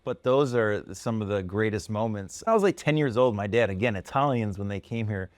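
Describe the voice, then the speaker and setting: A man co-hosting a casual podcast and spinning animated stories with frequent laughter. His voice sits low. The close mic gives a dry sound. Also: a little fast, dry recording. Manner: animated storyteller, laughs often. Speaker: podcast co-host. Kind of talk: casual storytelling chat.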